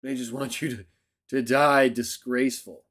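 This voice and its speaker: A man's voice: mid-range voice, steady tone, moderate pace, fairly bright tone. A man teaching a Bible lesson in a video, argumentative and emphatic, who keeps checking in with "right?". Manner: emphatic outbursts. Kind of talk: lecture-style video commentary.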